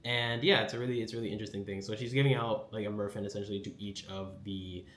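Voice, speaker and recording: A man's voice: on the low side, steady tone, fast talker, fairly bright tone, roomy sound, slight background noise. A man hosting a casual anime recap, rambling with lots of fillers and acting out quotes.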